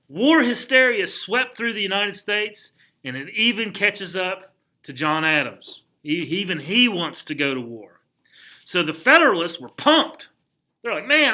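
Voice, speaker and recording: Brief: male history teacher, lively classroom lecture, questions to students, bright tone. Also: high voice. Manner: animated, conversational, asks the class questions; acts out historical figures in quick asides.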